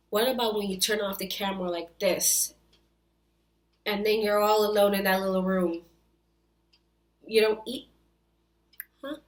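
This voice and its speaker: A woman in her twenties hosting a reaction video, scolding and exasperated as she rants. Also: medium pitch. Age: 20s. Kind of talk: ranting reaction commentary.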